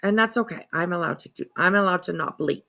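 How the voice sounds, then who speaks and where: A woman hosts a commentary channel, reacting to clips with casual, profane disbelief and chatting to both her cat and her viewers. Her voice is on the low side and bright with vocal fry, and she talks fast with a forceful tone.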